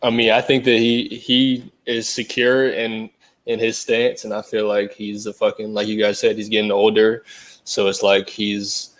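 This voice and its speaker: A man talking in a casual podcast chat with a hesitant, halting way of speaking. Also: fairly low pitch, monotone.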